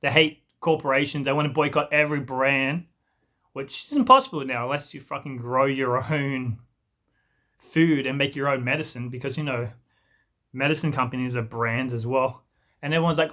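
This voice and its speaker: A man's voice: medium pitch, moderate pace, pushed and bright. A young man telling an exasperated, rambling story as a vlogger, swearing freely and mocking people in put-on voices. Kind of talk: ranting storytime monologue.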